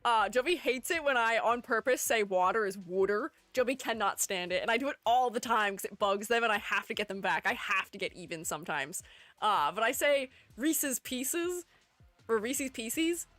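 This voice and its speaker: A woman with a fairly high voice that swoops around animatedly, chatting casually on a livestream. She reads her viewers' messages aloud and answers them in a playful, chatty way. The sound is close and dry, with faint music underneath. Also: expressive, normal speed, a bit bright, no echo. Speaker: streamer ranking game character designs.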